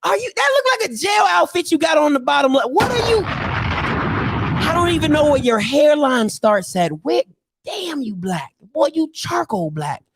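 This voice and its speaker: A man putting on the voice of a loud young man teasing a buddy, shouting and cackling. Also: sits high, big pitch swings, takes it slowly, slight background noise, heavily acted. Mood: mocking.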